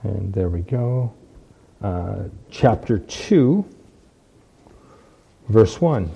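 Earnest man preaching in a dark voice. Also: on the low side, sing-song, very slow, creaky, slightly rough. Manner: earnest, repeats phrases for emphasis. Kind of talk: sermon with scripture reading.

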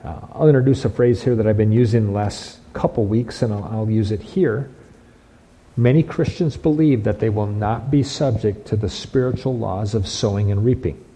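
A man's voice: on the low side, moderate pace, warm tone, slightly rough, low-quality recording. A man preaching a sermon as pastor, emphatic, repeating phrases and restarting lines.

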